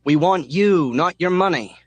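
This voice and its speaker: A man voicing a reckless, fanatical young male mechanic who yells slogans into the wind. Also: lowish voice, moderate pace, dry recording, lightly acted. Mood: yelling fervently.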